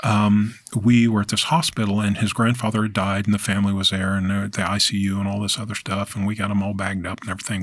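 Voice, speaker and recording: Reflective man with a low voice. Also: a bit bright, no echo. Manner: reflective, halting, many fillers and restarts. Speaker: podcast guest, decedent remover. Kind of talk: casual interview storytelling. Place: podcast studio.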